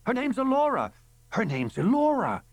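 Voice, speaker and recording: A shrill, frantic little creature. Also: male voice, huge pitch swings, moderate pace, no room sound, exaggerated voice. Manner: shrieking, high and loud.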